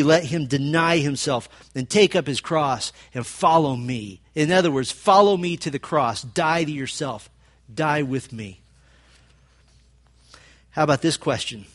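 Male pastor, sermon delivery, somewhat high-pitched, earnest and emphatic. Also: unhurried. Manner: earnest, rising to fervent emphasis when quoting.

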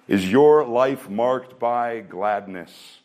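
A man's voice: mid-range voice, extremely slow, darkish tone. A man preaching a sermon in an earnest voice, asking rhetorical questions and shifting his pace. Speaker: pastor.

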